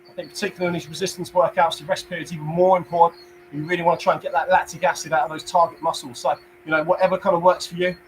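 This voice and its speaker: Speaking rapid-fire, an energetic young London-accented fitness instructor coaches viewers through a home workout in a voice that sits high for a man. Between counting reps he offers encouragement and jokey asides, while the poor audio has a faint hum beneath it.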